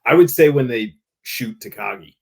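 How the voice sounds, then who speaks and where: A man appearing as a podcast guest, chatting in a relaxed way with lots of fillers. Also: mid-range voice, moderate pace, gravelly. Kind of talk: casual chat.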